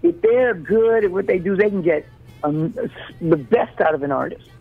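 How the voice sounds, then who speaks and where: A woman in her sixties from Chicago, telling stories as an interview guest in an animated, chatty way and often repeating words as she starts a sentence. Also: fairly low pitch, normal speed, husky, faint music behind. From South Side Chicago. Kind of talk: casual storytelling. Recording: phone-like narrow sound.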